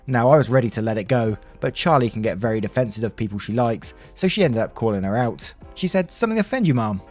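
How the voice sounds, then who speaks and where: A man's voice: fairly low pitch, fast talker, darkish tone. Man reading stories with wry asides. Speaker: story narrator. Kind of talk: reading online stories aloud. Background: faint background music.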